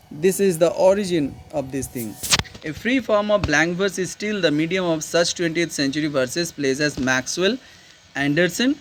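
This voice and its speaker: A male literature teacher gives an informal lecture on poetry in a high voice. He talks slowly, halting and self-correcting, with fillers as he reads out and explains textbook passages. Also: slight background noise.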